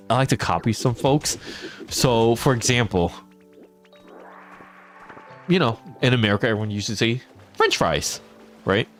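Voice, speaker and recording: A man from Connecticut with a Connecticut accent, chatting casually on a game stream, rambling and laughing often as he answers chat. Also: lowish voice. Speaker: gaming streamer.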